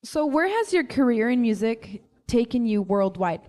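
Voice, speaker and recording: A woman's voice: a little high, sing-song, moderate pace, a little mellow. A woman moderating a live panel, asking questions with friendly, playful asides.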